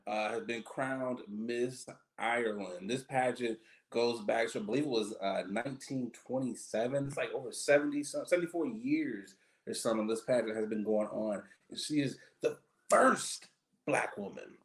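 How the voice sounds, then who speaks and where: A man riffs and jokes through casual podcast banter with a loose, drawn-out delivery. His voice has a gravelly, fry-heavy texture and a middle pitch. The sound bounces around an echoey room. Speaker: podcast co-host.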